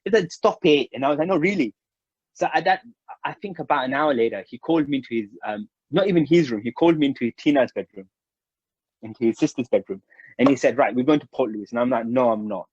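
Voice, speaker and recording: A man's voice: medium pitch, fast talker, breathy edge, dry recording. A man, from Mauritius, casually telling a personal story and acting out the quoted voices. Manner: animated, acts out quoted dialogue. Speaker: storyteller recounting memories. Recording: dry, slightly dull recording.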